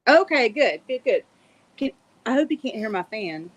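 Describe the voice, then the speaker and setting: A woman's voice: on the high side, big pitch swings, moderate pace, dull audio. A woman with a Southern US accent chatting on a call, friendly and full of questions. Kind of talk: casual chat on a call.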